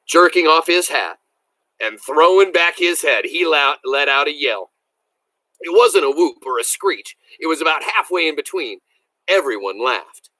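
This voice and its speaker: Guy teacher reading a novel out loud, bright voice, excited, stops to explain words, dry close mic. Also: on the high side, a little slow, no echo, rough recording. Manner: animated and enthusiastic, stopping to explain words. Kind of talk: reading aloud with teaching asides.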